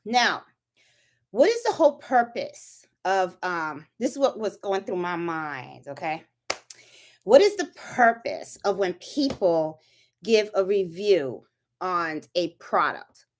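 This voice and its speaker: A woman's voice: fairly low pitch, very animated, slow pace. A woman hosting a casual craft livestream, chatty and full of fillers, checking in with viewers. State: a little out of breath. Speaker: channel host. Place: indoors at home, chilly room.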